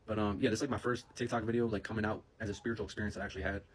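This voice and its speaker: A young man telling a personal story in a casual, excitable, rambling way, full of slang and fillers, into a phone camera. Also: on the low side, racing, breathy edge.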